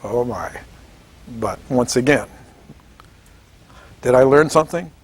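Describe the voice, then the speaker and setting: A man in his seventies from Washington State, telling his story in an oral history interview, animated and chuckling, acting out the voices of people he quotes. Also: mid-range voice, takes it slowly, slight background noise. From Washington State, United States. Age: 70s. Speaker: veteran interviewee.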